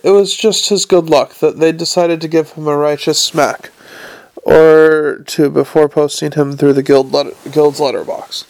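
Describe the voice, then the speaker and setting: Gravelly man reading a novel aloud. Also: a little high, steady tone, moderate pace, darkish tone. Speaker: audiobook narrator.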